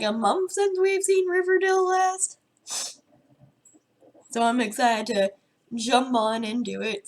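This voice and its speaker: A woman with a head cold and a sore throat, chatting in a nasal, stuffed-up voice on a casual TV reaction vlog, rambling and trailing off mid-sentence. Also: on the high side. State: sick with a head cold, congested. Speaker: TV reaction vlogger.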